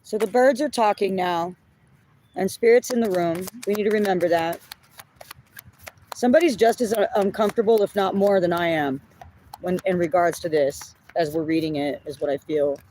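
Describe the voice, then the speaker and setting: A woman's voice: lowish voice, moderate pace, dark tone, a little hiss or hum. Blunt, apologetic woman tarot reader. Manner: apologetic, blunt, swears when upset. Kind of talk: collective reading, casual talk.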